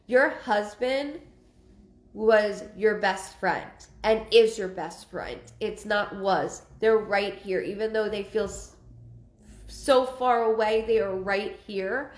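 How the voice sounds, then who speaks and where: A woman's voice: medium pitch, slow, roomy sound. A woman giving a live psychic reading, rambling and repeating herself with many ums. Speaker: psychic medium.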